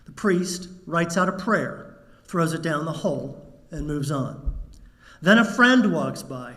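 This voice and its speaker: Slow-spoken, high-voiced minister. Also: male voice, animated, sharp tone. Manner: slow, measured preaching with wry humor. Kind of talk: sermon.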